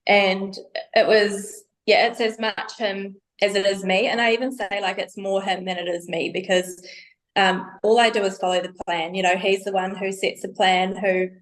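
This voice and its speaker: A woman's voice: medium pitch, level tone, normal speed. A woman guest in a casual podcast interview, her voice in an ordinary middle range. She talks hesitantly and often searches for the right words. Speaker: podcast guest, bikini athlete.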